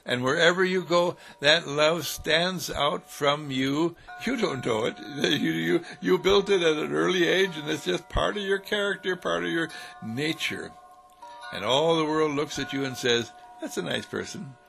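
Male inspirational preacher, gravelly fry, chuckling and repetitive, with soft music underneath. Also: a little high, a little slow. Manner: repetitive, chuckling, sing-song cadence. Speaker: spiritual speaker. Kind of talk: inspirational sermon. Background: faint music.

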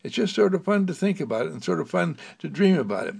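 A man voicing a cheerful, uninhibited ten-year-old girl in a children's story, in a lively sing-song childlike manner. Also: on the high side, quick pace, gravelly, slightly rough, voice pushed up, exaggerated voice. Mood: dreamy.

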